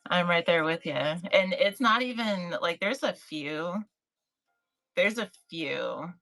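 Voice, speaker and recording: A woman's voice: lowish voice, expressive, takes it slowly, a bit bright, low-quality recording. A woman hosting a casual livestream for online sellers, chatty and encouraging, greeting viewers from the chat by name. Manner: chatty, encouraging, reads chat names aloud.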